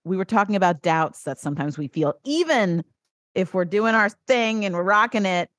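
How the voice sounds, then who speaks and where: A woman's voice: medium pitch, animated, normal speed, a bit bright, no room sound. A woman hosting a podcast interview who talks in a conversational, affirming way with her guest. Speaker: podcast host.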